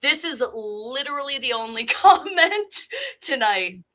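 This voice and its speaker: A woman's voice: sits high, very animated, a little slow, sharp tone. A woman co-hosting a casual chat show, rambling and laughing between points. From Boston area. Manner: chatty, laughing, rambling asides. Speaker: podcast co-host.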